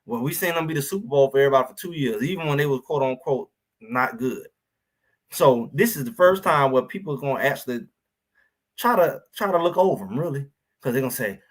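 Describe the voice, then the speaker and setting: A man's voice: medium pitch, expressive, brisk. A man hosting a live sports talk show, talking casually and animatedly about college football, slipping into quoted voices. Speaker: show host.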